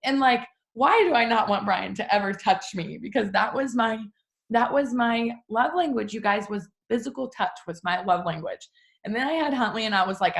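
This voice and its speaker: A woman's voice: brisk, vocal fry. Chatty young woman talking to her team. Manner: chatty, jumps up high when acting out her own thoughts; frequent likes and restarts, addresses listeners as you guys. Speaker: team leader. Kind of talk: casual talk to her team.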